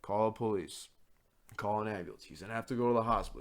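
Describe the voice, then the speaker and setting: A man co-hosting a podcast, telling a story in a casual, animated and profane way. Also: fairly low pitch, a crowd in the background. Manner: animated, profane, quick to act out others. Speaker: podcast co-host.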